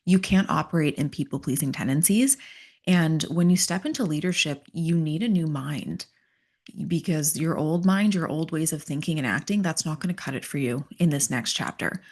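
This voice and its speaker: Earnest woman podcast host, lowish voice. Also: moderate pace. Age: middle-aged. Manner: earnest, emphatic, coaching tone. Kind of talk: solo motivational podcast talk.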